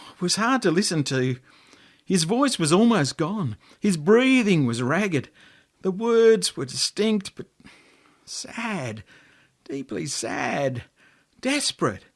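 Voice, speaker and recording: A man with an Australian accent, the author, reading his own story aloud in a slow, hushed, expressive storytelling manner. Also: high voice, breathy edge.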